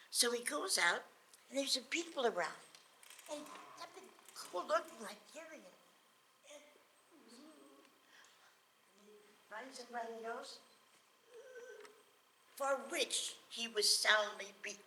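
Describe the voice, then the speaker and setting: A woman tells a folk tale aloud in a loose, conversational way and often repeats a word before going on. Her voice sits fairly high. She narrates casually for a live audience. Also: animated, a little slow, pauses often, sharp tone, a little hiss or hum, rough recording. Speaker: storyteller. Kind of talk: live oral storytelling.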